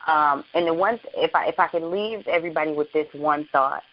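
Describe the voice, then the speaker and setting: A woman's voice: sits low, brisk. Earnest woman speaking with passion, muffled. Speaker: author and guest. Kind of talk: internet radio interview. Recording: muffled lo-fi with faint hiss.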